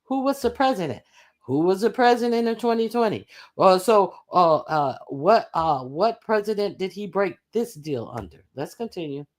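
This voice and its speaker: A woman's voice: medium pitch, expressive, normal speed. A woman giving casual reaction commentary on a clip, profane and sarcastic.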